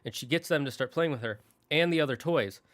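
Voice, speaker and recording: A man hosting his channel, casually retelling a movie's story in an animated way, often restarting his sentences. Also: on the high side. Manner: animated, restarts often, slips into quick character voices. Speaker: channel host.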